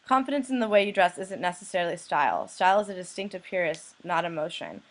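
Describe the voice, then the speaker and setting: A young woman from the United States, a blogger who reads anonymous messages aloud in a flat, deadpan way. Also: on the low side, fast talker. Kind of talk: reading messages aloud to camera.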